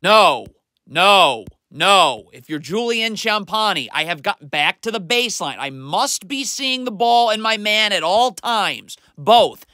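A man with a high, bright voice talks through game footage like a coach. He is exasperated and critical. The sound is dry and close with no room echo. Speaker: basketball film analyst. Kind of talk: film breakdown commentary.

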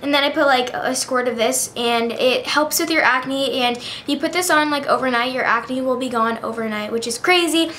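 Bubbly high-voiced teen girl vlogger. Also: moderate pace, hardly any pauses, pushed and bright, slight background noise. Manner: bubbly, chatty, lots of fillers. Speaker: beauty vlogger. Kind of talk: casual chat.

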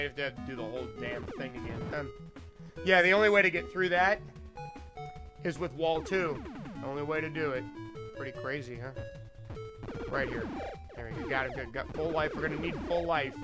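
A man's voice: fairly high pitch, low-quality recording. Joking man streaming retro games, music behind. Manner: joking, talks to chat, quick asides. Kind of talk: casual gameplay commentary.

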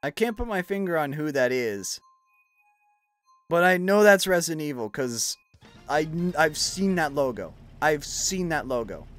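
A man's voice: on the high side, animated, a little slow, fairly bright tone, faint music behind. Rambling young man streaming games. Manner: rambling, swears freely, many fillers. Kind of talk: casual chat while gaming.

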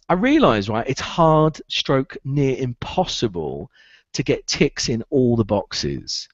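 A man's voice: medium pitch, no echo, highs cut off. A man giving a recruitment training talk, emphatic and repetitive, driving points home.

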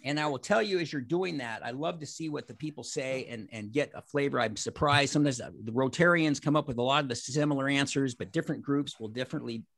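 Energetic man in his 60s, gravelly voice. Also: medium pitch, fast, hardly any pauses, no room sound. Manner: animated, acts out quoted exchanges. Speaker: motivational speaker. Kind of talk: energetic motivational talk. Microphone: video call.

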